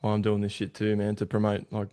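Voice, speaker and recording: Laid-back low-voiced Australian host. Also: male voice, monotone, quick pace, mellow. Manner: laid-back, filler-heavy, swears freely. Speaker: podcast host. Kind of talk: casual podcast chat.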